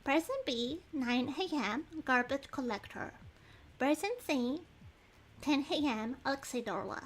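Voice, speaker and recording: A woman talks through a detective game on a livestream, thinking out loud about clues. Her voice sits high, and she rambles excitedly, often breaking off to apologize to her viewers. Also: measured pace. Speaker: streamer playing a detective game. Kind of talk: casual livestream chat.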